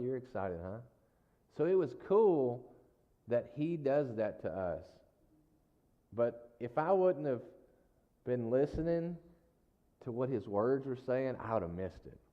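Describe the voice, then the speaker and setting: A man's voice: medium pitch, expressive, normal speed. A man preaching in a casual, folksy storytelling style, with frequent asides to the congregation. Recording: dull lo-fi sound with long hall reverb.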